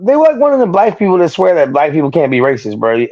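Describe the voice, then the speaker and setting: A man's voice: a little high, big pitch swings, fairly quick, gravelly, warm tone, no room sound. Profane ranting man, muffled dry audio. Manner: profane, ranting, quotes others in raised voice. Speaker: streamer co-host. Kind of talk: heated casual chat.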